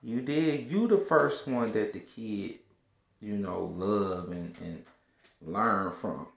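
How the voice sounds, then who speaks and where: A man's voice: on the low side, takes it slowly, vocal fry, echoey room, highs cut off. A man who works in customer service, telling a story in a casual, slangy way. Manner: slangy, animated, lively storyteller. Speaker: customer service agent and supervisor.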